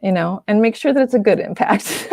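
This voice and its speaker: Woman artist guest, chatty and animated, laughs a lot, dry close sound. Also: fairly high pitch, a little slow, no echo. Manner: animated, laughs often, lots of fillers. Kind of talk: casual conversational chat.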